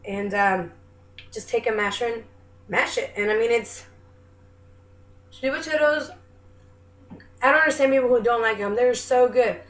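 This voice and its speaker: Young woman, higher voice, chatty cooking demo, echoey kitchen, noisy background. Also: normal speed, long pauses, fairly bright tone. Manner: chatty, self-deprecating, apologetic asides. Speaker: home cook vlogger. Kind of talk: casual cooking demonstration. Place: home kitchen.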